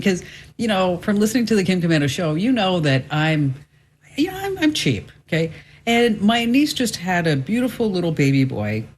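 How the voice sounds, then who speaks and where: A radio talk show host with a deep, slightly rough voice reads an ad in a chatty, playful way, acting out little voices, and also interviews a guest.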